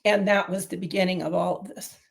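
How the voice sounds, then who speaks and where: A woman's voice: fairly low pitch, steady tone, brisk, gravelly. Rambling middle-aged woman telling stories. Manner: rambling, storytelling with many fillers. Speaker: guest, diet protocol developer. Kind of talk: casual interview talk.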